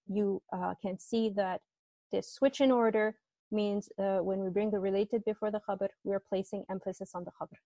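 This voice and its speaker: A young woman works through a grammar lesson over a computer mic. Her voice sits a little high and sounds dry and close. She hesitates, restarts and apologizes as she explains. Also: a little mellow, no echo, dull audio. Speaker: teaching assistant. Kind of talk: online grammar tutorial.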